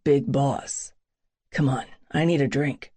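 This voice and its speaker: A woman's voice: a bass voice, steady tone, takes it slowly, dark tone, slightly rough, voice pushed down, full character voice. A woman voicing a wry young soldier. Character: confident young male soldier, protective, wry humor.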